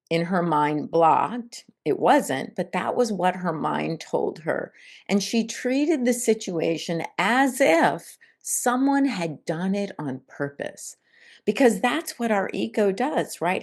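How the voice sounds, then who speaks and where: A woman hosting a spiritual self-help podcast, talking in a gentle, reflective way and telling everyday stories. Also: medium pitch, creaky. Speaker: podcast host.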